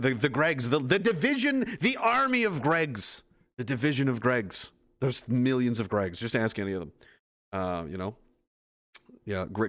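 A man chatting casually on his livestream, rambling from point to point with plenty of swearing. His tone is sarcastic and loose, at an ordinary male pitch. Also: a bit bright. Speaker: livestream host.

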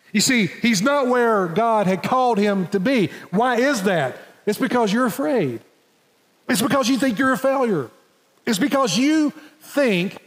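A male pastor preaching with a high, ringing voice and an emphatic delivery that swells and drops. His words carry a long reverb tail, as if spoken in a large church hall. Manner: emphatic preaching, voices God and Elijah in quotes. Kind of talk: sermon.

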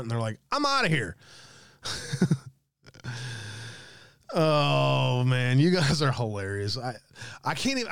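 A man hosting a livestream, chatting casually and reading comments from his viewers. He swears freely and jokes between remarks. The sound is dry and close, in a mid-pitched voice. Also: no echo. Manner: profane, jokey, reads chat comments aloud. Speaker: livestream host reading chat.

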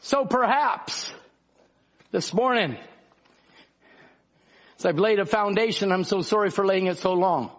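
Male pastor, high raspy voice, impassioned conversational preaching, muffled recording. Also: measured pace, pauses often. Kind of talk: sermon.

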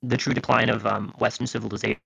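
A man's voice: mid-range voice, level tone, fast talker, creaky, bright, forceful tone, husky, no echo. A young man calling in to a live show from his phone while driving, rambling, crude and opinionated. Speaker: caller. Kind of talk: casual call-in chat. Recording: dull glitchy call line.

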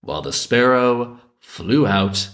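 A male host reading a dark folk tale aloud, breaking in with sarcastic, chuckling commentary. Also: medium pitch, slow pace. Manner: sarcastic asides, frequent chuckles. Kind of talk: story reading with comedic commentary.

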